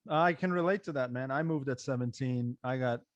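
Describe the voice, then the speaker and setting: A man's voice: mid-range voice, dry recording. Earnest podcast host man from Maryland. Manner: earnest, halting restarts. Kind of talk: casual podcast conversation.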